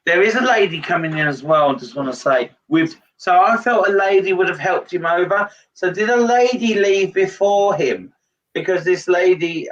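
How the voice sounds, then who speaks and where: Guy doing a live medium reading, kinda high voice, lots of ums, sounds far off and muffled. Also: fairly bright tone. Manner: halting, relays messages with many pauses and fillers. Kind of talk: live spirit reading to a sitter. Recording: distant mic, dull lo-fi sound.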